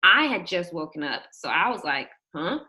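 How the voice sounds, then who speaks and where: A young woman telling a personal story in an animated way, acting out the quotes and shrieking at the high points. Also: normal speed. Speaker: guest telling her birth story.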